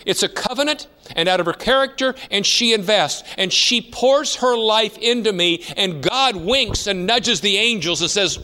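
A man's voice: high-pitched, animated, moderate pace, hardly any pauses, bright, forceful tone. A man in his fifties preaching a sermon, telling stories in a conversational way with emphatic rises. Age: 50s. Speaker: pastor.

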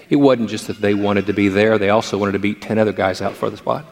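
A man's voice: on the low side, fairly even intonation, fast, hardly any pauses, in a large hall. Older man preaching, storytelling playfully. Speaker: pastor. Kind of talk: sermon.

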